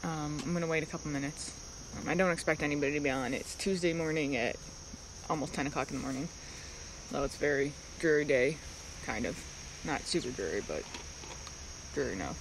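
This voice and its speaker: A woman chatting casually on a live stream, talking in halting, rambling stretches and breaking off to greet viewers by name. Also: low-pitched, background noise.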